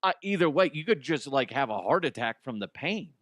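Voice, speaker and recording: A man's voice: mid-range voice, sing-song, brisk, fairly bright tone, no echo. A man hosting a comedic news chat, joking, swearing freely and acting out silly voices. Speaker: host.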